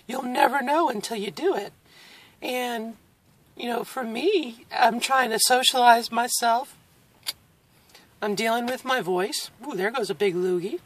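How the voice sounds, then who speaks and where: Forties woman, slightly high voice, candid vlog delivery, emotional and halting, near tears. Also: fairly bright tone. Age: 40s. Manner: candid and reflective, with nervous laughs. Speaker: vlogger. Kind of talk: personal video diary.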